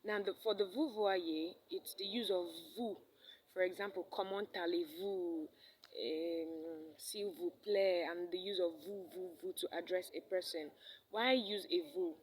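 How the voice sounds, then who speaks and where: A woman's voice: lowish voice, poor audio. A woman teaching a French lesson in English, repeating each phrase and checking in with "all right?". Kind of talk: recorded language lesson.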